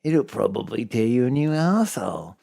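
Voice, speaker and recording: A man's voice: medium pitch, big pitch swings, a little fast, vocal fry, mellow, no echo, clean studio sound, full character voice. An Aussie man doing a brash wildlife showman. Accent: Australian.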